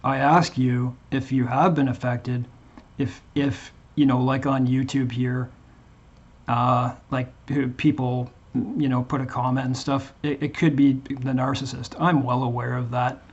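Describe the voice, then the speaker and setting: A man talking earnestly to his viewers as a Christian channel host, in a halting way with frequent restarts. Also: mid-range voice, little pitch movement, slightly rough, highs cut off. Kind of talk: earnest casual monologue to viewers.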